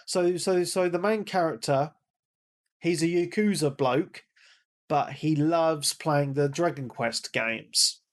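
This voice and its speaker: A man chatting casually on a gaming podcast, his voice sitting a little high. He rambles, repeats himself and restarts sentences, and he is hoarse from losing his voice. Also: takes it slowly. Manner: rambling, repeats words, calls himself a big nerd. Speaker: podcast co-host. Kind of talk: casual chat.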